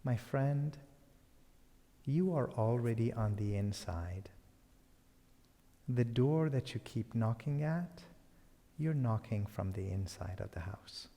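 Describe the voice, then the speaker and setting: Brief: calm saintly woman, put on by a man, soft, slow, gentle, hall reverb. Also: medium pitch. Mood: serene. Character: unfazed, serene female mystic saint.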